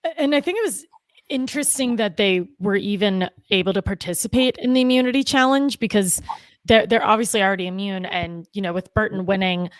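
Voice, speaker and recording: A woman's voice: mid-range voice, brisk, no room sound. Woman co-host, dry close sound. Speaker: podcast co-host. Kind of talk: casual analytical chat.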